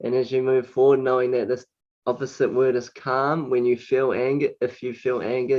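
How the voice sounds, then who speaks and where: A man coach leading a guided anger exercise, slowly repeating single words over and over. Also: medium pitch, flat delivery, dull audio. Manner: slow, repetitive chanting of single words.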